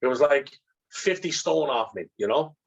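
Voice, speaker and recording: An Irish man, a guest in an interview, telling candid stories about himself in a blunt, animated way and swearing freely. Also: medium pitch, moderate pace, vocal fry, highs cut off. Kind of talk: candid storytelling.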